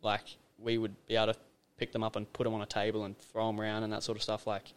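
A man's voice: lowish voice, quick pace, smooth. A young man with an Australian accent, a podcast guest telling a story in a loose, slangy way, full of fillers. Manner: animated, slangy, lots of fillers. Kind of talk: casual storytelling chat.

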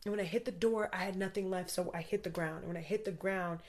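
A woman's voice: lowish voice, steady tone, fast talker. A woman guest recounting a frightening personal story, talking urgently with lots of fillers. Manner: urgent, vivid retelling with many fillers.

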